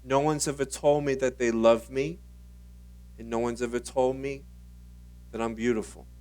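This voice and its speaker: A man voicing a tearful teenage girl who softly thanks him. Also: medium pitch, fairly even intonation, normal speed, smooth, natural voice. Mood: moved, tearful. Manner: soft, hushed thanks.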